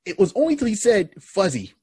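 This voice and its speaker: A man from Barbados chats on a podcast and tells long stories, stumbling and restarting as he goes. His voice is husky and swings widely in pitch. The sound is dry and close. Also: brisk, no echo. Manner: animated storyteller, many restarts. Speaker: podcast co-host and comedian. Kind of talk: casual podcast chat.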